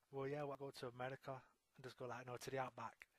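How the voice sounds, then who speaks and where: A man's voice: mid-range voice, flat delivery, moderate pace, dry recording. A man co-hosting an internet radio chat, bantering crudely with lots of swearing and filler words. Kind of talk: casual chat.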